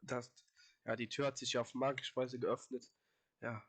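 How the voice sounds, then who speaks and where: A man's voice: mid-range voice, little pitch movement, brisk. A man with an ordinary mid-range voice talks casually over a video he is reacting to. He hesitates often and stumbles through his thoughts with plenty of fillers. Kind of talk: casual commentary.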